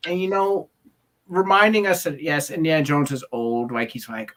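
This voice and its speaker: A man co-hosting a casual film discussion, ranting in an exasperated, animated way. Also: medium pitch, moderate pace. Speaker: podcast co-host.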